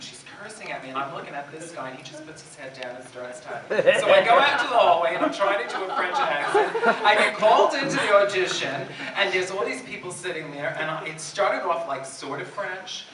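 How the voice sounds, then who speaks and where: A man in his fifties with a Bronx accent, a drag performer telling comic stories on a convention panel, animated and laughing often. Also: sits high, a little fast, hardly any pauses, a loud crowd. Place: large convention hall. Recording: echoey hall from far off, background noise.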